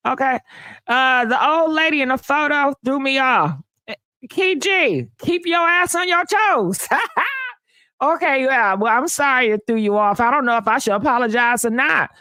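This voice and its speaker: A woman hosting a live gossip stream, sassy and animated, chatting with viewers and answering comments. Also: sits high, moderate pace, no echo. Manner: sassy, animated, calls viewers honey and baby, laughs often. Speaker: host of a live gossip channel. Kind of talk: casual live-stream chat reading comments.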